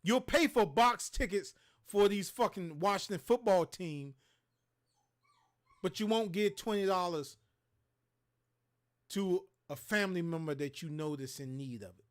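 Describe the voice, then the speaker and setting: A man's voice: sits high, animated, a little slow, pauses often. A man hosting a livestream, ranting in a heated, profane, preachy way. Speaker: show host. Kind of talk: impassioned livestream rant.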